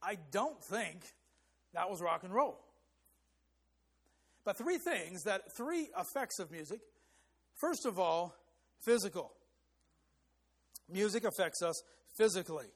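A man's voice: high voice, expressive, takes it slowly, long pauses. A man preaching an evening sermon, sometimes singing short hymn lines to show a rhythm, and rising into emphatic stress on key points.

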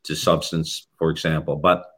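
A man hosting a faith interview, asking gentle, halting questions full of fillers. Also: a bass voice, flat delivery, slightly rough. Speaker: interview host.

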